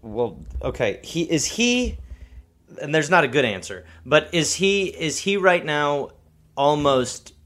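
A man reacts to his co-host on a casual comedy podcast with incredulous, sarcastic remarks, often stopping and restarting his sentences. His voice sits somewhat high and moves a lot in pitch. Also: sing-song, slow, fairly bright tone.

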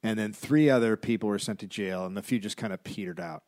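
A man's voice: on the low side, fast talker, darkish tone, dry recording. A man co-hosting a comedy history podcast, telling the story from his research notes with dry asides and frequent "uh"s. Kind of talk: casual comedic history chat.

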